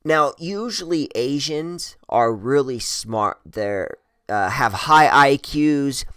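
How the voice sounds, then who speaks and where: A man's voice: mid-range voice, animated, slow, a bit bright, smooth, no room sound. Crude, rambling man telling stories. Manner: profane, rambling, crude humor. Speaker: storyteller. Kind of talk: casual storytelling.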